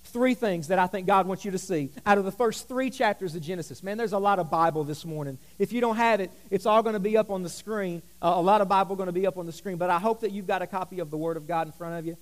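A man's voice: high voice, quick pace, hardly any pauses. A man preaching a sermon as pastor, emphatic, repeating key lines and joking with the congregation.

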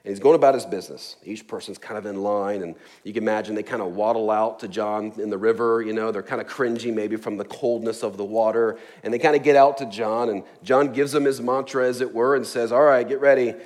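A man's voice: lowish voice, fairly even intonation, brisk, few pauses, darkish tone. A man preaching a sermon in a casual, joking way, with chuckles, asides and many fillers. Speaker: pastor.

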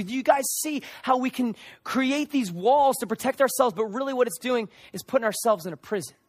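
A young male preacher delivers an impassioned sermon in a high voice. He acts out the lines of the people in the story as he goes. The sound is close and dry, with no room echo. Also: a little fast, hardly any pauses, a bit bright.

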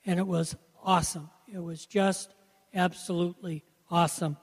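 A man with a notably high voice shares an earnest personal testimony, telling it as a story with a loose, conversational rhythm. His voice rings out with a long hall reverb around it. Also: fairly even intonation, normal speed, husky. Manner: earnest storytelling with frequent "you know". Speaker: Christian speaker sharing testimony.

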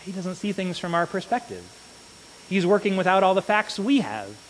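An earnest male preacher with a fairly high-pitched voice delivers a sermon and keeps turning to his listeners with "right?". His voice rings out with a long reverb in a church sanctuary. A faint hiss runs under the recording. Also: very animated, normal speed. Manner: earnest, repeats "right?" to the congregation.

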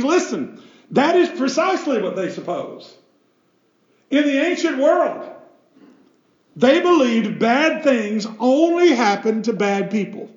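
High-voiced man preaching emphatically. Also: big pitch swings, measured pace, echoey room, muffled recording. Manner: emphatic preaching with rhetorical questions. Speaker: pastor. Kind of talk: sermon.

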